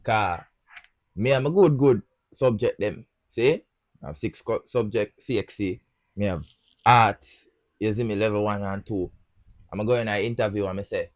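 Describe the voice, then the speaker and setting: A man's voice: fairly low pitch, normal speed, no echo, clean studio sound. A Jamaican man co-hosting a casual podcast chat, telling stories earnestly. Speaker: podcast co-host.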